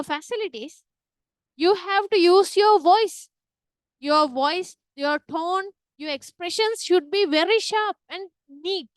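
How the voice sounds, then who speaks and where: A woman's voice: extremely high pitch, fairly bright tone, no room sound, clean studio sound. A woman teaching an online literature class, chatty and often asking "right?". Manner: chatty, tags sentences with "right?".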